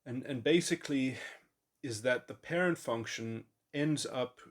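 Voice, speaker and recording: A man thinking aloud in a long speculative monologue, halting often and restarting his sentences. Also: medium pitch. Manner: musing, halting, with many restarts and fillers. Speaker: podcast host. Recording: voice memo.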